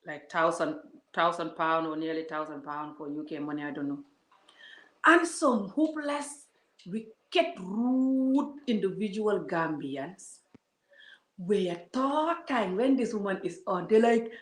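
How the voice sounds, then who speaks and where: A woman's voice: medium pitch, lively intonation, unhurried, a bit bright. A woman vlogger ranting to her viewers in a heated, scolding way, talking straight at them. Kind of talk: casual vlog rant to viewers. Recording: roomy echo.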